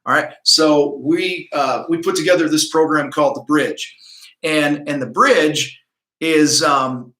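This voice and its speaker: A man's voice: fairly high pitch, pushed and bright, reverberant. A middle-aged man hosting a livestream coaching talk from his office, blunt, profane and pumped-up. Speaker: host. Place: home office.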